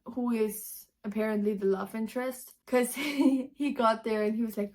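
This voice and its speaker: A woman book vlogger giving a casual, animated summary of a novel, full of fillers. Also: fairly high pitch, normal speed, few pauses. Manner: chatty, animated, many fillers.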